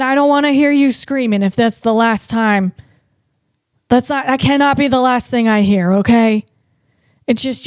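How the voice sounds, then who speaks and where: A woman comedian hosting a podcast, delivering a rambling, animated comic monologue full of restarts. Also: fairly high pitch, clear, resonant tone, no room sound, clean studio sound.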